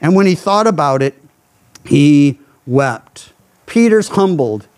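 A man pastor preaching a Bible sermon, earnest and emphatic, letting his phrases fall low at the end. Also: lively intonation, takes it slowly, a little mellow. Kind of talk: expository sermon.

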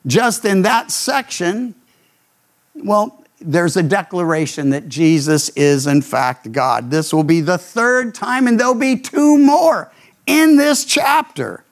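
A man's voice: high-pitched, slow pace. An older man, a pastor with grandchildren, preaching a sermon and telling stories, often acting out the voices of people he quotes. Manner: animated storytelling, acts out quoted voices.

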